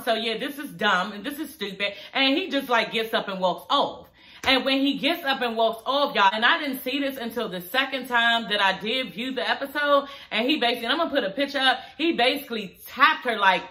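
A young woman talks straight to her viewers in a candid, profane recap of a reality show. Her voice is bright and a little high, and she keeps calling her audience "girl" and "y'all.". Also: poor audio. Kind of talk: casual chatty recap.

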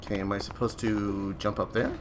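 Man, let's player, wisecracking game commentary, jumpy exclamations, loud gunfire behind. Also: fairly low pitch, flat delivery, brisk, noisy background. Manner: joking, exclaiming, easily startled. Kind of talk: gameplay commentary.

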